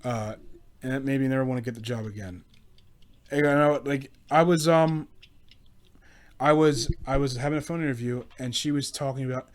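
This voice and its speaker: A man's voice: medium pitch, fairly even intonation, normal speed, pauses often. A man telling casual stories about past jobs, rambling and profane, with frequent restarts. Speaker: podcast host. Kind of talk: casual solo storytelling rant.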